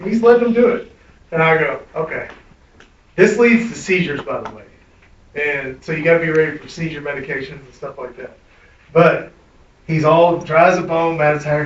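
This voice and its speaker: A man's voice: on the high side, muffled recording, a little hiss or hum. A middle-aged man teaching an EMS class, blunt and profane, quizzing students between stories. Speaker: EMS instructor. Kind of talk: classroom lecture with anecdotes. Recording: echoey room, distant mic.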